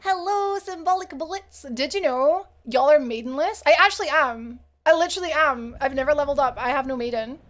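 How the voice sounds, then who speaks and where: A woman's voice: sits high, brisk, few pauses, fairly bright tone. Chatty Scottish woman streaming a game. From Scotland. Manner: chatty, laughs often, reads chat aloud. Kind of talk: casual game stream chat.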